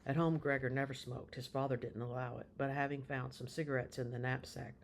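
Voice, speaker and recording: A man reading a novel aloud, chapter by chapter, in slow, measured storytelling. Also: medium pitch, little pitch movement, gravelly, a little hiss or hum. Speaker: reader of a novel. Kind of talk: audiobook reading.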